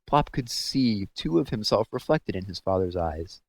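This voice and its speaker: Lively man reading a children's story aloud. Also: lowish voice, normal speed. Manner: expressive storytelling. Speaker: read-aloud host.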